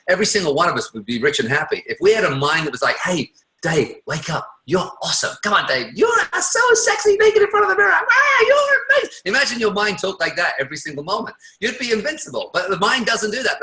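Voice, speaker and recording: A man giving an energetic motivational talk to people on a call. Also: fairly high pitch, echoey room, rough recording. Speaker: guest speaker.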